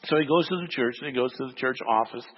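A man's voice: medium pitch, fast talker, breathy edge, long reverb tail, dull audio. A man preaching a sermon, telling a story and acting out its voices before making his point. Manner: storytelling, acts out voices in the anecdote. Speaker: pastor.

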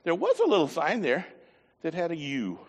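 A man preaching a sermon, telling a folksy story with lively voiced asides. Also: on the high side, normal speed, in a large hall. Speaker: pastor.

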